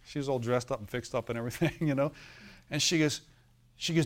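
A man's voice: mid-range voice, a little fast. A male pastor preaching a sermon, telling a story and often asking the congregation for an amen, with a laugh now and then.

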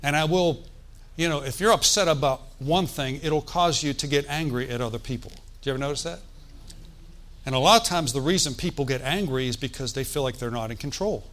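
A man's voice: mid-range voice, brisk, a bit bright. A man preaching a sermon in a conversational, folksy way, with joking asides and calls for the congregation to answer. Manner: asks the congregation for responses.

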